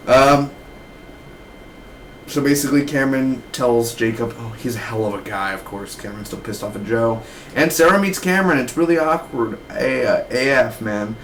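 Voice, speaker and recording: A man's voice: medium pitch, moderate pace, a little hiss or hum, poor audio. A man in his twenties giving a casual, rambling TV episode review, full of slang like "man" and "dude". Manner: slangy, loose, keeps saying man and dude. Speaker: TV show reviewer.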